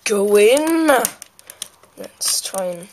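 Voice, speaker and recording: A woman's voice: medium pitch, animated, extremely slow, rough recording. A woman talking casually and rambling while she unboxes a toy and speaks to her viewers. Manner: rambling, chatty, talks while handling things. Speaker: toy collector vlogger. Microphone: handheld camera's built-in mic. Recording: loud noise, crinkling packaging.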